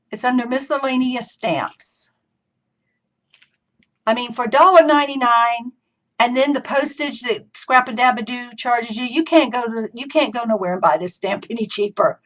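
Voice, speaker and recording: Fairly high in pitch and fairly bright in tone, a Southern woman chats her way folksily through a live craft demonstration, laughing easily. The live-streamed tutorial comes through as dull lo-fi stream audio.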